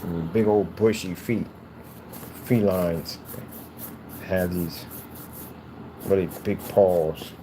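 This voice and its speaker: A man's voice: low-pitched, steady tone, slow pace, pauses often, dark tone, slight background noise. A man chatting casually while he crafts, rambling and joking playfully. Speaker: cardboard PC case builder.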